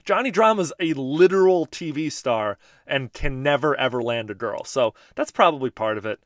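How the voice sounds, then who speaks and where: A man's voice: medium pitch, animated, normal speed, no room sound, studio quality. A man in his thirties hosting a podcast, chatting casually and joking while he answers listener voice memos. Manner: laid-back, chatty, joking. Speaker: podcast host.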